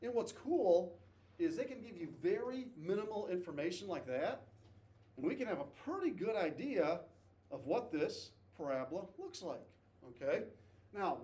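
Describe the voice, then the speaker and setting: Male math teacher, lecturing a class, slightly high voice, echoey classroom, distant mic. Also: warm tone. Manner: repeats points with frequent "okay?" checks, encouraging. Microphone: distant camera mic. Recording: echoey classroom from far off, faint noise.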